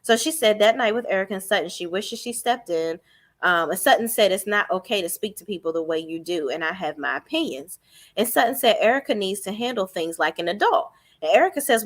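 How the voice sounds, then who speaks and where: A woman's voice: mid-range voice, expressive, fairly quick. A woman recapping a reality TV show live, blunt, profane and mocking the cast.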